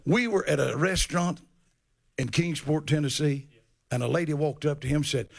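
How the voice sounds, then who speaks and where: Man, preacher, gravelly husky voice, folksy sermon, joking storytelling. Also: a little high, fairly quick. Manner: folksy storytelling with humor, lively shifts.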